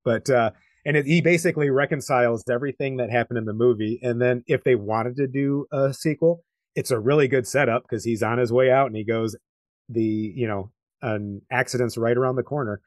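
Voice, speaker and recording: A man's voice: medium pitch, a little fast, dry recording. Rambling man co-hosting a film podcast. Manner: rambling, many fillers and restarts, laughs along. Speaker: podcast co-host. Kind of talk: casual film discussion.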